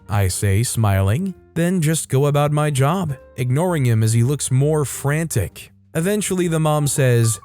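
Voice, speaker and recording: A man reading online stories aloud as a scripted narration, in a lively storytelling manner that briefly mimics the people in the stories. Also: on the high side, measured pace, faint music behind.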